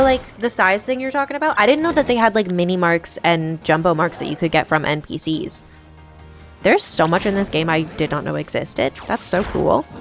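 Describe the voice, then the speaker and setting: A giggly young woman streamer reads out chat and reacts while she plays, her voice swooping animatedly up and down. Soft background music runs quietly under her casual chatter. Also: mid-range voice.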